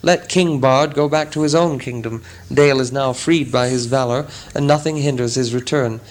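A man voicing a scheming, defensive old town master who speaks loud and rhetorical in a storybook reading. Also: medium pitch, steady tone, normal speed, lightly acted. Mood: indignant.

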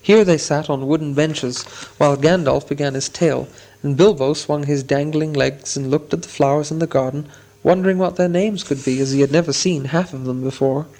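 Man narrating a storybook, slightly high. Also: steady tone, a little fast, darkish tone. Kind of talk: audiobook reading.

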